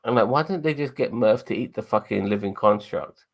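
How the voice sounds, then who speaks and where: Rambling, low-voiced man in casual chat. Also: animated, a little fast. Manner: rambling, swears freely, frequent restarts. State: tired and yawning. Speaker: podcast host.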